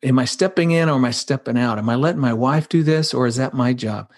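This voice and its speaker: A man's voice: mid-range voice, fast talker, darkish tone. A man as a podcast guest, earnestly explaining blended family life with vivid everyday images. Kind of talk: conversational podcast advice.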